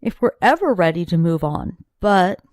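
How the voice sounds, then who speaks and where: A woman voicing a weary, grieving young husband in an audiobook, speaking low and tired. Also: big pitch swings, normal speed, dry recording, clean studio sound. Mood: quiet grief. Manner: lowered, tired voice, bursts into shouting.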